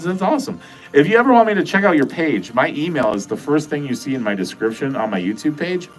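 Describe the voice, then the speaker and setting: A man with a nasal Midwestern American accent hosting a livestream, rambling casually, swearing freely and joking with his chat. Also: medium pitch. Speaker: livestream host.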